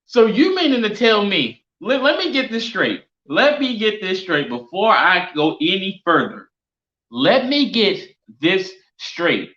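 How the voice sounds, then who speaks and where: Exasperated man streamer, lively swinging pitch, roomy lo-fi stream mic. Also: moderate pace, few pauses. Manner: exasperated, repetitive, incredulous. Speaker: sports streamer. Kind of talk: live-stream reaction rant. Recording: roomy, dull lo-fi stream audio.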